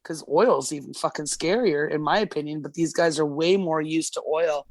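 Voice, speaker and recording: A woman's voice: sits low, normal speed, no echo. A woman from Alberta, a gas service technician telling rambling work stories on a podcast, swearing freely. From Alberta, Canada. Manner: profane, blunt, rambling. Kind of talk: casual podcast storytelling.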